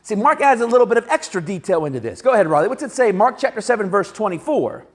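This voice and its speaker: A male preacher with a high, very lively voice that swings up and down as he talks. He keeps it conversational and animated, slipping into little acted-out quotes as he preaches in a church. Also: fast. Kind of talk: sermon. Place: church sanctuary.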